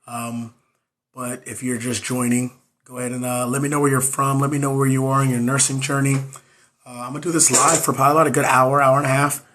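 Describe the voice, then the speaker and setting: Hoarse man chatting on a livestream. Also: medium pitch, level tone, fast, fairly bright tone. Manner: loose and chatty, repeats greetings. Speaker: nurse and exam coach hosting a livestream. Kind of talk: casual livestream chat.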